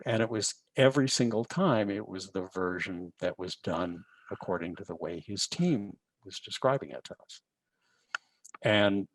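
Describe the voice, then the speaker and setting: A man's voice: on the low side, no echo, low-quality recording. A man, a visual effects supervisor, telling stories from film work in a webinar and acting out the exchanges he quotes. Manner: storytelling, acts out quoted exchanges. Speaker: VFX supervisor giving a webinar. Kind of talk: anecdotal lecture. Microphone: video call.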